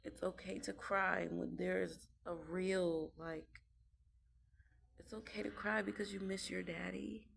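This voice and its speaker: Young woman, mother figure, slow and emphatic, gravelly low voice, casual vlog talk with faint room noise. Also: fairly even intonation. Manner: emphatic, repeats herself, slow and deliberate. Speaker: mother of several young children.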